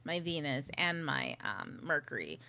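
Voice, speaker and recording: A woman with a slightly low voice hosts a casual livestream, chatting loosely and thinking aloud as she sorts out her setup. She drops now and then into whispered asides to herself. Clear clicking noises sit under her voice. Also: lively intonation, measured pace, pushed and bright, slight background noise. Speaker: livestream host.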